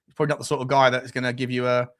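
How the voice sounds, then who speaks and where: A man's voice: mid-range voice, little pitch movement, racing. A man hosting a live fan stream, who talks bluntly with crude jokes and reads out the chat. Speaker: fan show presenter.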